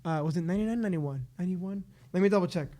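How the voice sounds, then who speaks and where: A man co-hosting a casual soccer podcast, joking and excitable with playful sarcasm. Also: high-pitched, racing. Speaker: podcast co-host. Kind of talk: casual chat.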